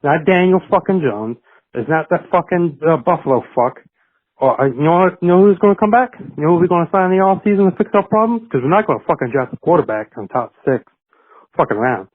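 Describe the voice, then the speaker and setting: A fast-talking, swearing New York sports fan, put on by a male caller, fires off a profane rant. His voice sits a bit high and comes through a tinny phone line. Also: animated, dry recording. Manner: profane, rapid ranting, heavily put-on New York accent. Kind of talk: call-in rant.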